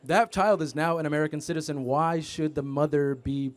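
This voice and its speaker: A man's voice: on the high side, steady tone, a little fast. A young man, a college student, arguing in a campus debate, stammering and repeating himself. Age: young adult.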